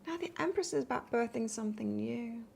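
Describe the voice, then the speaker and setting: A woman's voice: on the high side, lively intonation, brisk, vocal fry, a little mellow, slight background noise. A woman from England doing a live tarot reading, chatting casually and reading out cards while answering viewer comments. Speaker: tarot reader.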